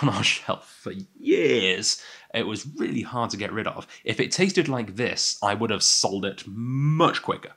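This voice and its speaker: A young Englishman with a lowish, sharp-toned voice hosts a relaxed whisky tasting for his podcast. He's chatty and self-deprecating, and his talk is packed with fillers.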